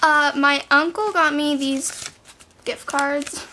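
Bubbly teen girl vlogger, high voice. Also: steady tone, slow pace, noisy background. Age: teens. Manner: bubbly, says "like" and "literally" a lot. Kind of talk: casual haul vlog.

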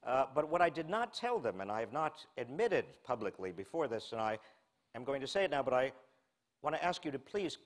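A man in his sixties from the United States giving a humorous public lecture, telling a wry self-mocking story with deadpan asides. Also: medium pitch, brisk. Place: lecture hall before a live audience.

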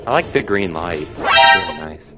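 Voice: deep voice, animated, normal speed, over loud music. A friend chatting during an online game, teasing the host with joking quips. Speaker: co-player friend. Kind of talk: casual gameplay chat.

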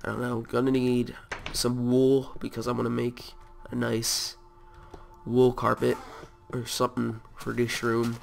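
Nasal, gravelly man with a cold. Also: medium pitch, completely flat delivery, unhurried, faint music behind. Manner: rambling, chatty, easygoing. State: sick with a cold. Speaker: host. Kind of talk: casual gameplay commentary.

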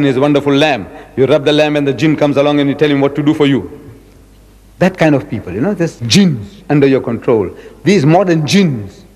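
Animated man preaching in an echoey hall. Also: a little high. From South Africa. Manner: dramatic, animated preaching with repetition. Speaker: Islamic lecturer. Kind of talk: public religious lecture.

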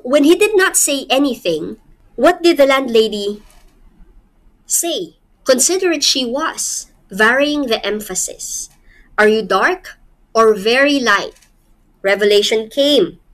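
A woman with a Filipino accent giving a literature lesson, explaining a poem with rhetorical questions and small laughs. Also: sits high. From Philippines. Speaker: literature teacher. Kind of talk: poetry lecture.

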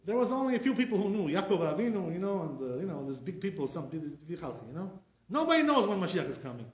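Man, rabbi, high voice, quick delivery, echoey room. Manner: animated, repetitive fillers, speaks with conviction. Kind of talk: informal Torah class.

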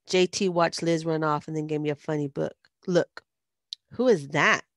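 A woman narrates a first-person story in a steady, even reading. Her voice sits low with a gravelly grain. The sound is close and dry. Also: normal speed, no room sound.

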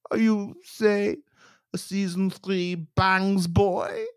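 A man putting on the voice of a silly, excitable male news pundit who rambles in babyish talk. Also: high-pitched, slow, clean tone, no room sound, clean studio sound, pitched above the performer's own voice. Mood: excited.

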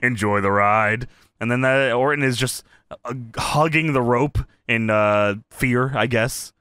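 A man's voice: medium pitch, steady tone, measured pace, fairly bright tone, clean tone, dry recording, studio quality. A man co-hosting a podcast in casual chat, laughing often and swearing freely. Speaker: podcast co-host. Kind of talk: casual chat recapping wrestling.

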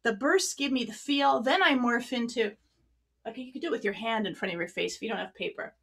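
Clarinet teacher explaining breath technique. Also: female voice, a little high, fairly quick, a bit bright. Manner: friendly, explanatory, demonstrating as she talks. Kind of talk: online workshop lesson. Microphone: a few feet from the mic.

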